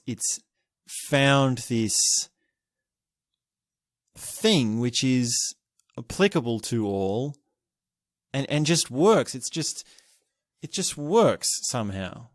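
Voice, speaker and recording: A man hosting a podcast alone, musing and thinking aloud, restarting his sentences and chuckling softly as he reflects. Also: mid-range voice, animated, slow, pauses often, no echo, studio quality. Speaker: podcast host. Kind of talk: reflective solo podcast talk.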